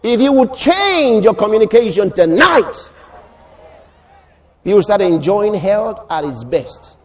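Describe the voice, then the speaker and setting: A man preaching a sermon, emphatic and repetitive, rising to shouts. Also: sits high, very animated, slow.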